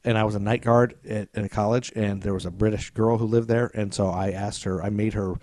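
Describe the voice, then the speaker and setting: A man's voice: fairly low pitch, fairly even intonation, darkish tone, a little hiss or hum. A man co-hosting a casual chat show, reading off trivia and rambling with jokes. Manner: rambling, jokey, fast. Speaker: podcast co-host.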